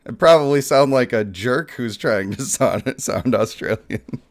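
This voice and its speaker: A man's voice: medium pitch, unhurried. A young man hosting a live mobile game stream, joking and hyping up his pulls for chat. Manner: playful, excitable, joking with chat.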